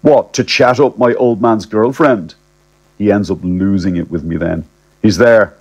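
A man narrating a comic first-person story in a wry, deadpan, chatty way. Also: lowish voice, normal speed.

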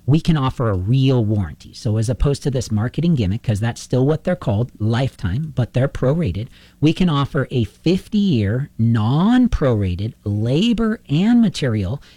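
Storytelling roofing contractor, mellow voice. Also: male voice, mid-range voice, normal speed, dry recording. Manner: animated anecdotal storyteller, acts out dialogue. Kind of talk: casual storytelling interview.

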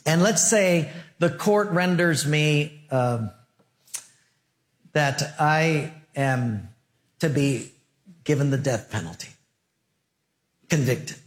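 A male preacher giving a sermon, animated and joking as he acts out the dialogue of his stories. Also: fairly high pitch, slow pace, pauses often. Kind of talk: sermon with storytelling.

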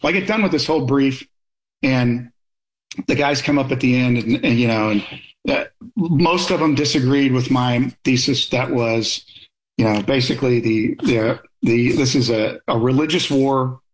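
Man, veteran guest, anecdotal, stop-start delivery, mid-pitched voice. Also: moderate pace, rough recording. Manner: anecdotal, many restarts and fillers. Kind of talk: casual storytelling interview.

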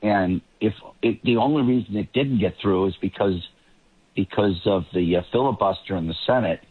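A man's voice: fairly low pitch, moderate pace, breathy edge. A man commenting as a guest on a political talk show, rambling and often restarting his sentences. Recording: tinny phone line.

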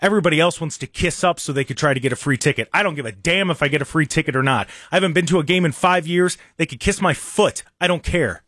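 A man's voice: on the high side, fast, hardly any pauses, fairly bright tone, no room sound, studio quality. A man hosting a sports talk show, delivering a sarcastic, opinionated rant and mocking people in put-on voices. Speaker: sports radio host.

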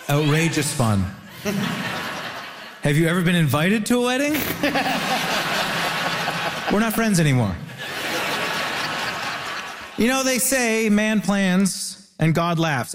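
Wry high-voiced male comedian. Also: slow, pauses often, in a large hall, very noisy. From Ontario. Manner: wry, deadpan punchlines. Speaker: comedian, debater. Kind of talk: stand-up comedy.

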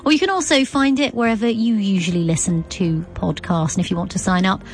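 A woman presenting live radio news from a studio in a crisp, formal read. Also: medium pitch, brisk, faint music behind.

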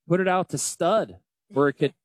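A man in his forties with a Northern US accent, hosting a casual financial talk radio show in an animated, emphatic and folksy way. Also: a little high, moderate pace, dry recording. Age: 40s. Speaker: financial advisor radio host.

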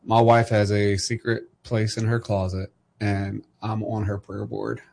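A middle-aged man hosting a podcast talks about faith and family in a measured, reflective way. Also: on the low side, level tone, vocal fry, darkish tone, a little hiss or hum. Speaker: podcast host. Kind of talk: casual conversation about faith.

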